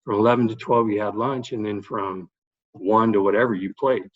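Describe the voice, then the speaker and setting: Middle-aged man, baseball coach, casual storytelling, lowish voice, muffled lo-fi sound. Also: normal speed. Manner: animated anecdotes with fillers. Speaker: guest, baseball head coach.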